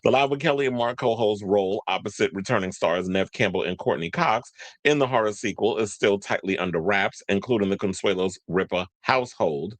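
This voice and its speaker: A man with a voice on the low side talks fairly quickly, with no room sound, while hosting casual entertainment news commentary. Rambling and slangy, he loses track of his thoughts as he reads stories aloud and talks to viewers and the live chat.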